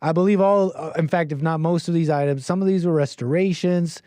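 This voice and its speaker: Here a warm, fairly high male voice moves a little fast, with no room sound. Hosting a call-in livestream, he chats aimlessly with his viewers, his talk packed with fillers, false starts and unfinished thoughts, and he laughs frequently.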